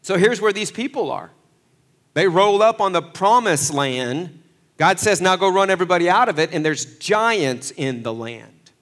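A man preaching a sermon, swinging between loud, fervent passages and hushed asides, acting out the voices he quotes. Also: high voice, animated, normal speed. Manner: acts out quoted voices with folksy phrasing. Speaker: pastor.

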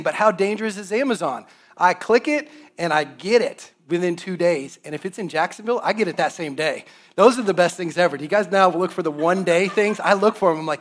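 A man in his thirties giving a sermon on money, with animated storytelling and playful asides. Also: a little high, quick pace. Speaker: guest preacher on finances.

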